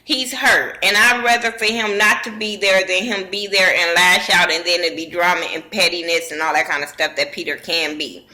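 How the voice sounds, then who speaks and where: A woman's voice: fairly low pitch, fairly even intonation, normal speed, hardly any pauses, bright, forceful tone, poor audio. A woman casually recapping a reality show episode in slangy, profane talk, acting out what the cast said. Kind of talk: casual recap with acted-out quotes.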